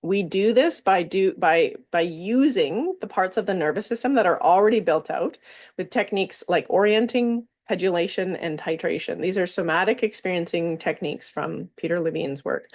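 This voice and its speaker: Calm, low-voiced woman teaching a wellness workshop. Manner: calm, flowing, with stretched-out words and pauses. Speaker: somatic workshop facilitator.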